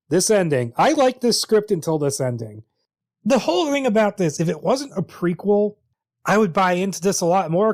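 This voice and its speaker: A man's voice: high-pitched, no echo, clean studio sound. A man co-hosting a podcast, casually recapping a screenplay in a wry, chatty way with bursts of laughter. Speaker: podcast co-host. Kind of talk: casual chat summarizing a screenplay.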